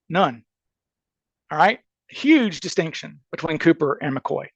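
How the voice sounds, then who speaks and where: A man's voice: high voice, no room sound. A man with a Southern accent, a criminal defense attorney on a podcast interview, laying out a case emphatically and checking in with "okay?" and "right?" as he goes.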